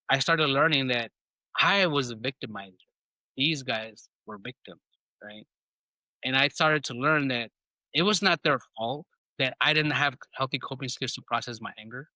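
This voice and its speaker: A man's voice: medium pitch, pushed and bright, no echo. A man, a podcast guest, telling a personal story in casual talk, reenacting conversations and often saying bro. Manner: casual, reenacts dialogue, says bro a lot.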